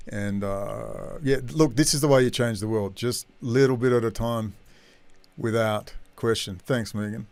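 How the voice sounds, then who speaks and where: A man's voice: mid-range voice, unhurried, a little mellow, smooth, no echo. An Australian man hosting a casual live-stream chat, talking in a rambling, blunt, slangy way. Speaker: host of a live online chat.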